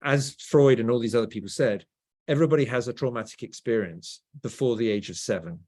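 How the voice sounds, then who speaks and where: In a conversational interview, a middle-aged English guest author with a standard southern, BBC-style accent tells stories, often capping his points with "right?". He speaks briskly in a mid-range voice with a darkish tone.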